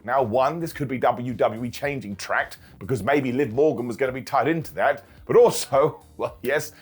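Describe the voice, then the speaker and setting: A man casually recapping a wrestling show as reviewer, animated and jokey, laughing often. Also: mid-range voice, normal speed, hardly any pauses, slightly rough. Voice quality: bald-joke running gimmick host.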